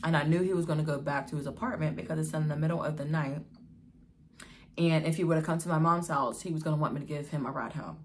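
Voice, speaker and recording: A young woman with a slightly low voice tells a personal story to her viewers in a vlog. She sounds exasperated and wounded, often turning to the audience with "y'all". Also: fast talker. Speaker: vlogger telling a personal story.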